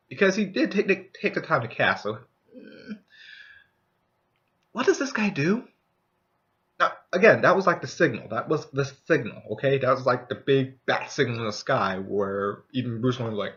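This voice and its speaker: A young man rambles through a profane story from a tabletop game night. His voice is bright and lively, jumping around a lot in pitch. The recording is dull and lo-fi. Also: moderate pace. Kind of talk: casual anecdote about a tabletop game.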